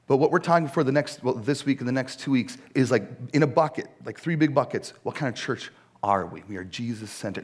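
A man in his forties, a pastor giving a conversational sermon, telling stories with frequent "right?" asides. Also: medium pitch. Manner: conversational, animated storytelling with many "right?" asides.

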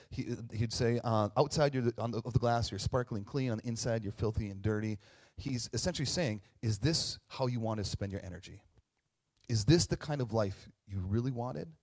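A man in his thirties preaches a relaxed, conversational sermon as the pastor of a small church. He talks in a mid-range voice, stumbles and restarts often, and tosses in "right?" to check in with the room. He pokes fun at himself along the way. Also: mid-range voice. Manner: chatty, tag questions, frequent restarts; self-deprecating humor.

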